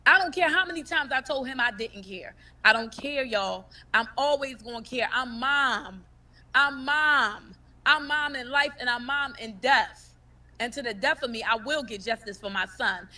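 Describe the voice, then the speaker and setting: A grieving woman gives emotional livestream testimony with a high, bright voice. She talks in an impassioned, emphatic way and repeats her words for force. She sits away from the phone mic, so she sounds distant. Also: normal speed. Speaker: grieving mother of the deceased.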